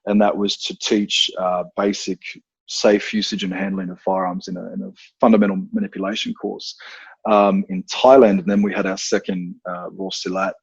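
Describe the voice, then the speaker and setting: Husky Australian man, swearing storyteller. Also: low-pitched, little pitch movement, normal speed, no room sound, lo-fi sound. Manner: swears freely, rambling with fillers. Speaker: guest, self-defense instructor. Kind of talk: casual podcast storytelling.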